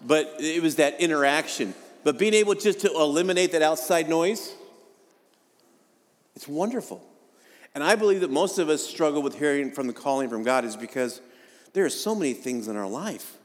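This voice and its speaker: A man's voice: fairly high pitch, lively intonation, normal speed, in a large hall. A male pastor preaching a sermon in a conversational way, with jokes and rising emphasis.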